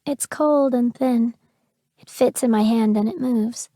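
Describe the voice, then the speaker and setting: A woman narrating a dark romance audiobook in the first person, with an intimate, emotional delivery. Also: fairly high pitch, takes it slowly, creaky, no echo, clean studio sound.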